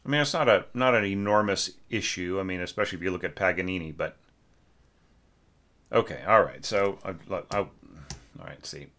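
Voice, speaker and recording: Low-voiced man thinking aloud. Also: brisk, pauses often, sharp tone. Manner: thinking aloud, hesitant with many restarts; sings short phrases on nonsense syllables. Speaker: orchestration teacher reviewing a student score. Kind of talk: casual spoken critique.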